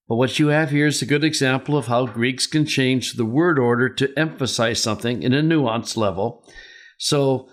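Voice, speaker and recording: A man's voice: medium pitch, moderate pace. An older man teaching a Greek lesson, explaining the grammar step by step and asking rhetorical questions. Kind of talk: slow, deliberate Greek lesson.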